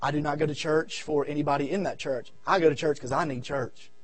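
A man with a Southern American accent preaching a revival sermon, swinging from shouted appeals to low murmurs and repeating his phrases. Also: fairly even intonation, a little fast, dry recording. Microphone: audio recording of a church service.

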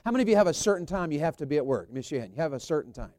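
A man delivers an emphatic church sermon in a notably high voice. His delivery swings from loud, pressing questions to quiet, gentle asides. The recording is dry and close. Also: big pitch swings, rapid-fire, dry recording. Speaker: evangelist preacher. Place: church service.

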